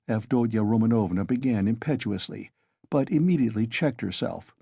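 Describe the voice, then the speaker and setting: A male audiobook narrator reads in a measured way, his mellow, husky voice moving with lively pitch. The sound is dry and close with no room. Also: dry recording. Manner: measured storytelling delivery. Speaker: audiobook reader. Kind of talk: scripted narration.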